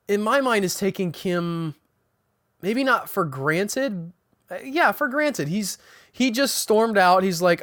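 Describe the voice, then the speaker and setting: A man's voice: high voice, sing-song, a little slow, no room sound, studio quality. A man hosting a podcast, giving a casual spoken recap of a TV episode, chatting loosely and restarting sentences as he goes. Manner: chatty, restarts sentences, paraphrases characters' dialogue.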